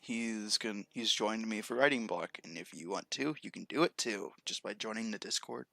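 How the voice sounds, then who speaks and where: A man's voice: fairly low pitch, normal speed, gravelly, sharp tone, no room sound. A young man chatting casually on his writing livestream, laid-back and often laughing at himself. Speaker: streamer and writer.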